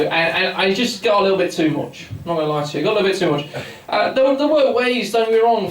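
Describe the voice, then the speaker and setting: An English comedian in his twenties, voice a little high, rambles through a self-deprecating set and banters with the crowd in a pub function room. He's far from the mic in the echoey room, with audience laughter and chatter behind him.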